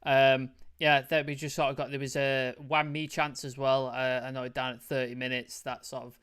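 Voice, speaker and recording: A man's voice: medium pitch, little pitch movement, moderate pace, a bit bright, clear, resonant tone. A man hosting a casual football review chat, loose and chatty, full of fillers. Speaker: host.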